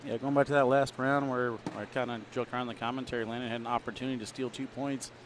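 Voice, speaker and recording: Male play-by-play commentator, mid-pitched, joking patter, faint outdoor noise. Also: flat delivery, fast talker. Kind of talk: live sports commentary.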